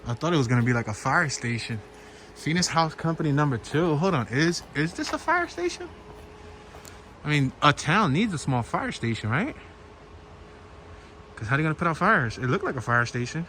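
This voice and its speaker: A man's voice: mid-range voice, pushed and bright. A man with a Philadelphia accent narrating a walking tour outdoors, chatting with viewers and thinking aloud as he strolls. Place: outdoors on a small-town street, walking. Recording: noisy outdoor walk with stream and traffic. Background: flowing stream and passing traffic.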